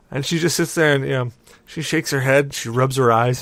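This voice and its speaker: A young adult man, the podcast host, telling a rambling, animated story with lots of restarts. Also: mid-range voice, a little fast, dry recording. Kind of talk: casual storytelling.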